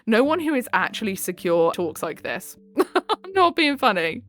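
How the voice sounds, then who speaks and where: Woman reading tinder posts, keeps laughing, snarky comments, lively bouncy voice. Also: on the high side, moderate pace. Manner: giggly, animated, sarcastic asides. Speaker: channel host reading posts.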